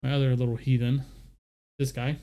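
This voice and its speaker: The recording sounds dull as this young man talks through his microphone settings in a casual screen-share tutorial. His mid-range voice is flat and moderately paced, and his explanation wanders with fillers.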